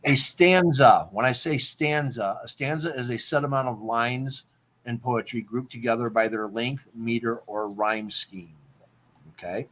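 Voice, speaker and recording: A man's voice: mid-range voice, fairly even intonation, unhurried, a bit bright. A man hosting a casual talk show, explaining poetry terms and checking in with "okay?" as he goes. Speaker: podcast host.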